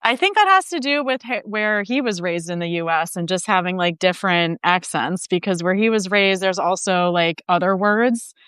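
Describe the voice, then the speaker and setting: Smooth-voiced American woman host. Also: on the low side, moderate pace, hardly any pauses, fairly bright tone, no room sound, clean studio sound. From United States. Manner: friendly, many backchannels. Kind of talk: casual conversation.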